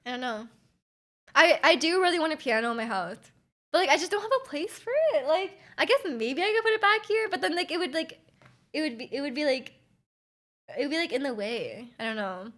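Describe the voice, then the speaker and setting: A woman chatting on a live stream in a voice sitting a little on the high side. She talks loudly and energetically, piling up fillers and reading chat aloud. Her volume rises and drops at random. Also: fairly quick. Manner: loud and energetic, volume jumps around.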